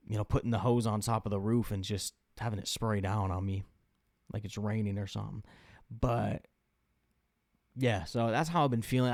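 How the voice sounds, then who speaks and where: A man's voice: mid-range voice, a little mellow, no echo. Young male podcast host from the Midwest, casual solo rant, chatty and profane, close dry recording, mid-range voice. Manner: rambling, profane, lots of fillers.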